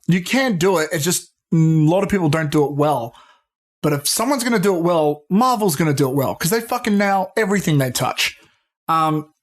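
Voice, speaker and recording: Brief: male podcast co-host, a touch high-pitched, excitable, profane, calls people "dude". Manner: excitable, swears freely, says "dude". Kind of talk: casual pop-culture chat.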